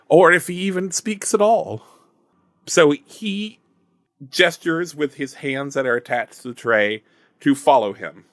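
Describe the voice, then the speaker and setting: A man's voice: a little high, slow pace, long pauses, fairly bright tone, dry recording, studio quality. A man narrating a tabletop role-play game as game master, chatty and joking with asides to the audience. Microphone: headset-style desk mic.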